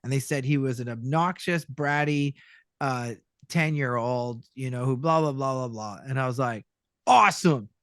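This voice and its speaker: His mid-range voice is smooth and moves at a moderate pace, in a dry, studio-quality recording. The middle-aged voice actor from Canada, guesting on a casual interview, brings his stories to life by acting out the voices and quotes.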